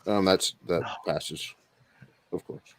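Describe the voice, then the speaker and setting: A man's voice: sits low, fairly even intonation, slow pace. A man playing a tabletop game, matter-of-fact and checking the rules. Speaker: player. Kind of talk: casual tabletop play.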